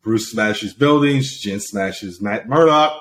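A man's voice: on the low side, takes it slowly, a bit bright, slight background noise. A man co-hosting a casual podcast, rambling with lots of fillers as he retells scenes. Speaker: podcast co-host. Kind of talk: casual chat.

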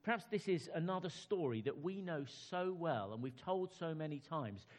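A man preaching in a chatty, personal way. His pitch swings widely as he talks, and he keeps turning to his listeners with questions. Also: expressive, moderate pace. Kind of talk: sermon with read-aloud story.

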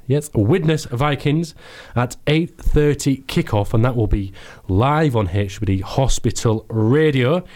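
A man's voice: medium pitch, darkish tone. A man hosting a casual sports chat on hospital radio, jokey and tripping over his words. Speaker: sports show host.

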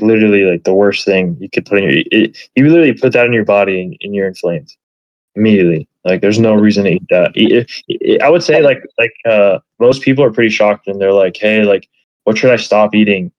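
A man's voice: lowish voice, fast, a little mellow, dry recording, highs cut off. A man chatting casually as a podcast guest, rambling with many fillers and swear words. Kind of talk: casual chat.

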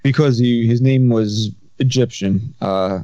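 A man's voice: mid-range voice, measured pace, mellow, no room sound. A man hosting a casual podcast chat, telling stories in a rambling, self-interrupting way. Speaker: podcast host. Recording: slightly dull sound.

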